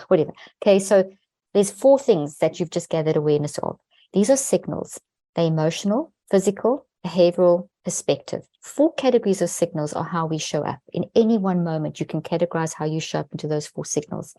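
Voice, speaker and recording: Warm, low-voiced woman explaining earnestly. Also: a little fast, dry recording. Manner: earnest and explanatory, presses key words. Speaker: podcast guest, neuroscientist. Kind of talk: explaining in an interview.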